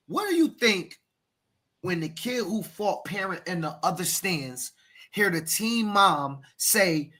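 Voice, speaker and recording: Male youth coach, American, podcast host: bright edgy tone, preachy, stumbles and repeats. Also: sits high, very animated, a little slow. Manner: emphatic, preachy, repeats words and addresses co-host by name. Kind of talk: passionate podcast talk.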